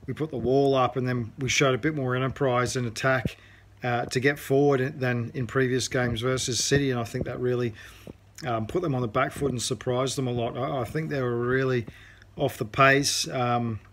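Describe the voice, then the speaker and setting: A man's voice: medium pitch, steady tone, moderate pace, fairly bright tone, a little hiss or hum. A man from Australia giving a rambling fan reaction to a football match, with many fillers. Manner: rambling, full of fillers and restarts. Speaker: fan contributor. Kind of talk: casual recorded fan reaction.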